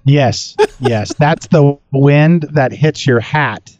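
A man's voice: medium pitch, slow pace, darkish tone, no room sound, dull audio. A man co-hosting a casual podcast, cracking dry jokes. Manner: dry, joking. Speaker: podcast co-host.

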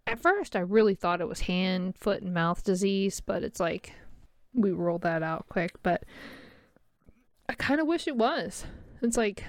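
A woman's voice: mid-range voice, lively intonation, measured pace, no room sound, clean studio sound. A tired woman venting in a casual rambling monologue, exasperated and wryly mocking herself. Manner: exasperated, venting with wry self-mocking laughs. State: tired and itchy. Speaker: mother talking to camera.

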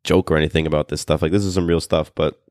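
Man with a very low voice, earnest podcast co-host, dry close sound. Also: fairly even intonation, a little mellow, no room sound. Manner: earnest, speaks in halting restarts; calls his own voice bassy today. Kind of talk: casual podcast chat.

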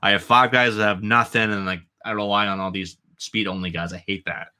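Man, New England accent, low pitch, bright tone, casual podcast co-host, stat-heavy rambling. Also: fairly even intonation, fairly quick, clear, resonant tone. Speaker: fantasy baseball podcast co-host.

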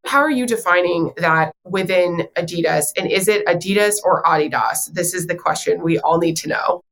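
Podcast co-host, woman, upbeat and complimentary, lowish pitch. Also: normal speed, a bit bright. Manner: enthusiastic, complimentary. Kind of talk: interview questions.

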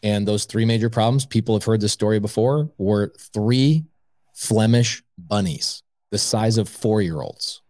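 A man's voice: fairly low pitch, a little slow, no room sound, clean studio sound. A man guest on an interview podcast, telling a long personal story and acting out every side of the conversation. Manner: animated storyteller acting out both sides of a conversation. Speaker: podcast guest, real estate investor.

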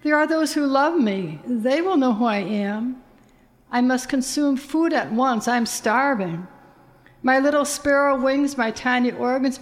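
A woman narrating a literary first-person story in a measured, expressive reading voice. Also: a little high.

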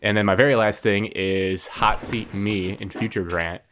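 A man's voice: fairly low pitch, steady tone, normal speed, fairly bright tone, slight background noise. A young man hosting a casual podcast, retelling a story in a rambling way full of fillers and restarts. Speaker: podcast host.

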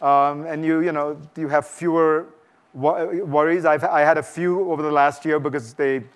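A man's voice: a little high, fairly even intonation, moderate pace. A man giving a conversational, emphatic festival talk and taking audience questions, often restarting his sentences. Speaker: guest speaker. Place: lecture hall before an audience.

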